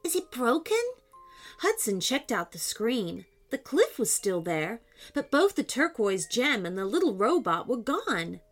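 Woman, children's storyteller, unhurried, very expressive pitch, faint music behind. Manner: animated, expressive reading with sound effects.

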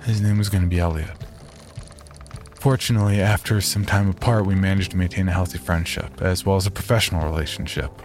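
A man narrating a horror story in the first person, in a calm, measured way. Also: sits low, faint music behind.

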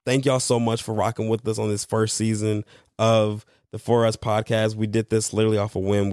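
A man's voice: fairly low pitch, a little mellow, no room sound, studio quality. A man co-hosting a casual podcast with his wife, playful and teasing. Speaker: podcast co-host. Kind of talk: casual chat.

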